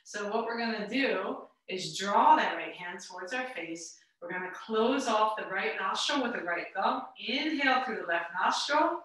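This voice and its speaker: A woman yoga teacher giving calm, gentle, step-by-step breathing instructions. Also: mid-range voice, a little slow. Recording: roomy echo, mic at a distance.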